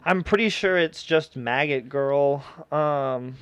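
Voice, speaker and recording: A man's voice: a little high, slow, fairly bright tone, clean tone, no echo. A man hosting a casual podcast chat, rambling and laughing often as he riffs and acts out quoted voices. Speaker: podcast host.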